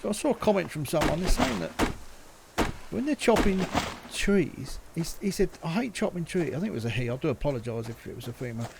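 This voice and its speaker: A man's voice: a little high, expressive, fast talker, creaky, very noisy. A man chatting and muttering to himself as he plays a survival game, with mild swearing and asides to viewers. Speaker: gaming channel host.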